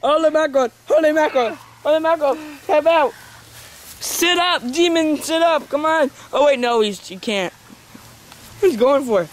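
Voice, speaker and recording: A young man giving excited, laughing casual commentary on an amateur wrestling match, exclaiming and counting pins. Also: very high voice, moderate pace. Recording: noisy amateur outdoor recording.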